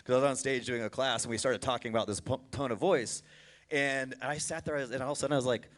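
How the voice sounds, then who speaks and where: Fast-talking brokerage owner on a panel. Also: male voice, medium pitch, fairly even intonation, a bit bright. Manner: fast, emphatic explaining. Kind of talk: panel discussion.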